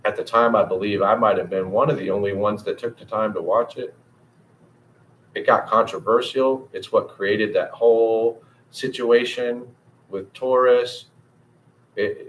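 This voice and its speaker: A low-pitched man chats loosely with his livestream audience, drifting between topics and swearing freely. He talks to viewers by name. A faint hum of room noise sits behind him. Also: a bit bright, poor audio. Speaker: livestream host. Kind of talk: casual livestream chat with viewers.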